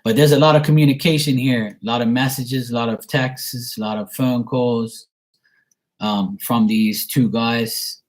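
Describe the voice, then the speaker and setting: A man's voice: mid-range voice, fairly even intonation, unhurried. A man from Bermuda chatting casually as he answers viewer messages, rambling and laughing at himself. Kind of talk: casual live chat reading.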